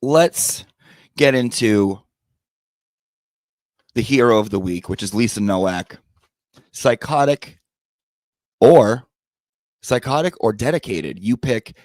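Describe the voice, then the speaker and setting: A man's voice: mid-range voice, animated, slow, pauses often, a little mellow, dry recording. A man hosting a podcast, telling a story of a quarrel in a sassy, profane, dramatic way and acting out both sides. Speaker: podcast host.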